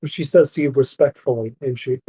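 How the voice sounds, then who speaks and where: A man serves as dungeon master and narrates the scene. His voice is a little husky and sounds dry and close to the mic. He voices the characters in the game at an unhurried pace. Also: medium pitch, mellow, dry recording, poor audio.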